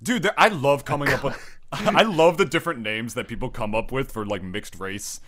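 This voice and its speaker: A man's voice: medium pitch, moderate pace, fairly bright tone. A man hosting a podcast in casual banter, swearing freely, rambling and often laughing. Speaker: podcast host.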